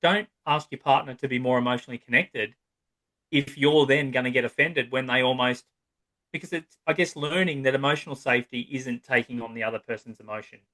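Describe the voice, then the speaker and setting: A man's voice: mid-range voice, brisk, pushed and bright. An Australian man talking as a psychotherapist guest on a podcast, speaking in a long-winded, casual way and often checking in with "right?". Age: 30s to 50s. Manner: long-winded, acts out quoted voices, frequent "right?".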